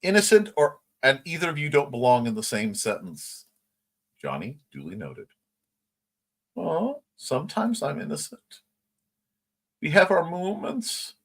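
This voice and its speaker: A man's voice: on the high side, huge pitch swings, unhurried, vocal fry, long pauses, a bit bright. A man hosting a casual livestream morning chat, reading viewer comments aloud and laughing along. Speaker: host.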